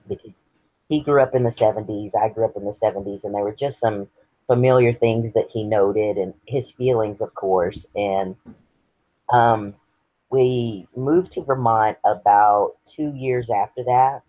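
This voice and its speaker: A man's voice: on the low side, measured pace, dark tone, no echo, low-quality recording. A man, earnestly sharing his personal story as an interview guest. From Texas. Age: 50s. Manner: earnest, candid and reflective.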